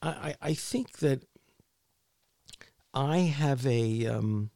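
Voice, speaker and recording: Slow gravelly man, halting author. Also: mid-range voice, warm tone, no echo, studio quality. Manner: halting, repeats words often. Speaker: author being interviewed. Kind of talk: conversational interview.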